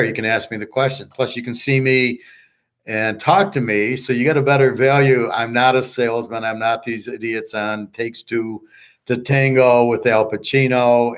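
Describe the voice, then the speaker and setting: A man hosting a live sports betting stream, telling a rambling, boastful story in a blunt, combative way and swearing often. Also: mid-range voice. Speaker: sports betting show host.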